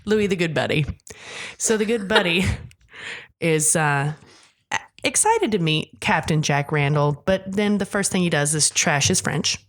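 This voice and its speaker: A woman's voice: fairly low pitch, a little slow. A woman co-hosting a podcast, recapping a show in casual chat with swearing and jokes. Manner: profane, jokey, animated storytelling. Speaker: podcast co-host.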